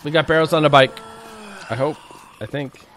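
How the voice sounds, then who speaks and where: A man's voice: fairly high pitch, moderate pace, fairly bright tone, slight background noise. A man giving jokey, casual commentary while livestreaming a survival game, bantering with his chat. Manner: playful, jokey, talks to chat and to the zombies. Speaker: game streamer. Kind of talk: casual live gameplay commentary.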